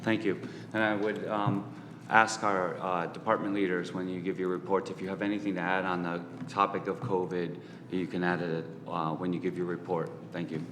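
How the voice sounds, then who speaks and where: A man with a Southern New England accent chairing a public meeting, calling items in a measured, procedural way. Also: low-pitched, little pitch movement, fairly bright tone, slight background noise. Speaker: committee chair. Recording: echoey council chamber with long reverb.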